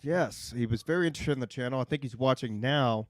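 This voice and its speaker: A man's voice: medium pitch, fast, no echo, clean studio sound. Laid-back man hosting a podcast. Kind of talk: casual podcast chat.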